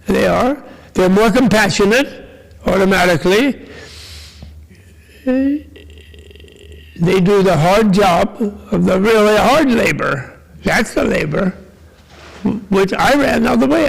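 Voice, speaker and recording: Gravelly high-voiced older man teaching. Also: lively intonation, unhurried, pauses often, poor audio. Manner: joking, rambling, with asides to the audience. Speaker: Buddhist teacher. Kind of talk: casual dharma talk to a live audience.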